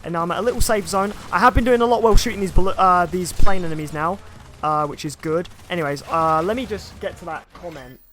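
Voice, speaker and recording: A man's voice: high-pitched, quick pace, fairly bright tone, a little hiss or hum. A young man chatting casually while streaming a video game, rambling and reading viewer comments aloud. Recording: faint game music behind.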